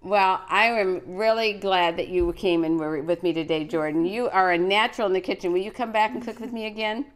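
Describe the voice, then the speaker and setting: A woman's voice: mid-range voice, steady tone, a little fast, few pauses. A woman in her sixties hosting a live cooking show, chatty and encouraging, reading out greetings from viewers. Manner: frequent fillers and restarts. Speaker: host of a children's cooking show.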